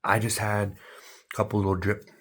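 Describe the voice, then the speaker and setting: A man's voice: fairly low pitch, completely flat delivery, normal speed, fairly bright tone, slightly rough. A man talking to his viewers in a rambling stream-of-consciousness monologue, full of absurd rhyming wordplay that drifts between near-whispers and sudden bursts. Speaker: vlogger.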